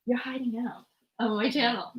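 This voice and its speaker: A woman's voice: fairly high pitch, steady tone, moderate pace, highs cut off. A woman hosting a livestream in casual chat, rambling and joking as she jumps from topic to topic. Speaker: livestream host.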